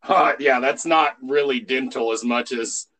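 A man co-hosting a podcast in casual chat, playful and jokey with loud exclamations. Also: medium pitch, a little slow, rough recording. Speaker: podcast co-host.

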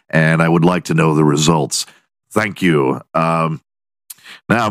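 Deep-voiced man in a crude podcast ramble. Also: no room sound, clean studio sound. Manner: crude, rambling, laughs at his own jokes. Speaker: podcast host. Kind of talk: casual comedic monologue.

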